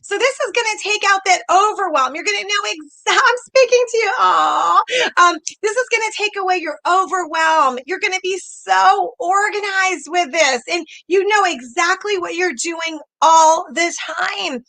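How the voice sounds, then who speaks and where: Woman, high pitch, bright tone, casual coaching talk, chatty and upbeat. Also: normal speed, gravelly. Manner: chatty and upbeat, acts out messages in quotes. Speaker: direct sales coach.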